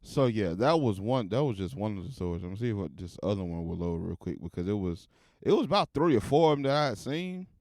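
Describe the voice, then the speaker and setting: A man's voice: lowish voice, sing-song, fast talker, a little mellow, no room sound, studio quality. A man hosting his podcast, rambling casually with plenty of swearing while he loads clips. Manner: rambling, profane, talks to himself while loading clips. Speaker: podcast host. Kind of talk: casual chat.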